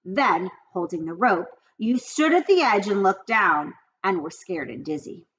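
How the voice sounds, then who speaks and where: A woman reading a children's book aloud in an expressive storytelling manner. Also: mid-range voice, unhurried, lo-fi sound, slight background noise. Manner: lively, expressive reading with character voices.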